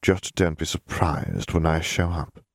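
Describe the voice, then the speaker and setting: A cold, cryptic wizard, read by a man speaks in a deep, gravelly voice. He is measured and aloof, with a faint menace under every word. The sound is dry and close. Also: animated, no echo, heavily acted. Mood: cool, cryptic. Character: cryptic, cold middle-aged male wizard.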